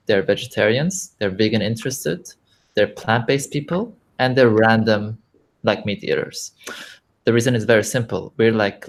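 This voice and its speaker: Low-voiced man explaining his view earnestly. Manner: earnest, explanatory, frequent "like" fillers. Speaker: panel guest. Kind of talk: casual online group chat.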